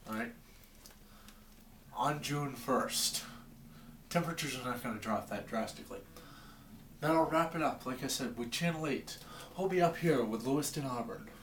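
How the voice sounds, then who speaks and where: A man's voice: mid-range voice, echoey room, recorded from a distance, slight background noise. A man from Maine rambling in a wry, exasperated rant to his camera from his basement. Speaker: vlogger. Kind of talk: comedic rant vlog. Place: home basement.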